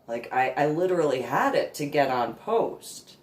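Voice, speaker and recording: A woman telling a rambling personal anecdote, laughing often and slipping into a high, babyish voice when she quotes. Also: lively intonation, normal speed. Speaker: storyteller. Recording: echoey room, far from the mic.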